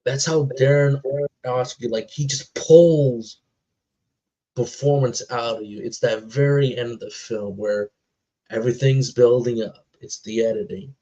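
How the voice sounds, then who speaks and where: Husky-voiced male co-host, earnest and heartfelt, casual movie chat, muffled low-fidelity sound. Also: mellow. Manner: earnest, emotional, drawn-out phrasing. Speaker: co-host of a movie reaction channel. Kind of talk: casual chat about films. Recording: dull lo-fi recording.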